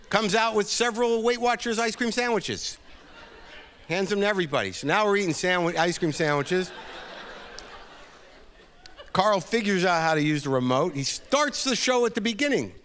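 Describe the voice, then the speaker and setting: A man's voice: high-pitched, animated, moderate pace, long pauses, a bit bright, a little hiss or hum. Middle aged comic guy rambling thru a story on stage, dry wry delivery. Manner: wry, rambling, lots of "you know" and "like". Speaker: comedian. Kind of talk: live storytelling reading. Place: event stage.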